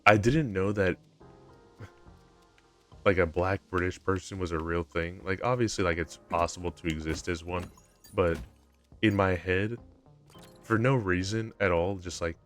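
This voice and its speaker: Young male streamer, low voice, loose rambling chat with faint game music behind. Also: a bit bright. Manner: rambling, full of fillers and restarts. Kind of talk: casual live-stream chat while gaming.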